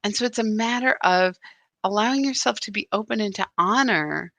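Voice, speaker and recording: A woman guiding a live spiritual practice on a stream talks in an animated, chatty way, peppering her speech with "right?" asides. Her voice is bright and forward, medium-pitched with vocal fry and a moderate pace, recorded close and dry.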